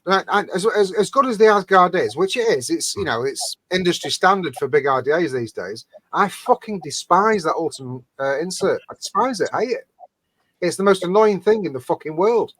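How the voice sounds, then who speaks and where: Dry, close male panelist, blunt and sweary, a bit high. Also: lively intonation, brisk, a bit bright, no room sound. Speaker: vape show panelist. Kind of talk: casual banter.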